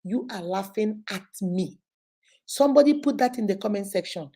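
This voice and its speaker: A middle-aged Nigerian woman hosting a live show, giving an animated motivational talk with a husky voice. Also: mid-range voice, moderate pace. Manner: animated, preachy, with mimicked voices. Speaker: host.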